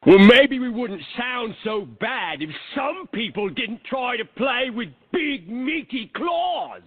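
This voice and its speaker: A man voicing a taunting cartoon creature with claws, drawing out mocking shouts. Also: very high voice, lively intonation, slow pace, full character voice. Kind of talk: cartoon clip. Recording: tinny phone-like audio over music.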